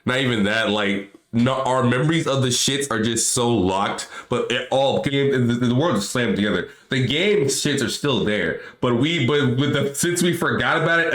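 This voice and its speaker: A man's voice: mid-range voice, a bit bright. A man co-hosting a casual podcast chat, rambling and swearing, with many restarts. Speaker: podcast co-host. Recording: roomy echo.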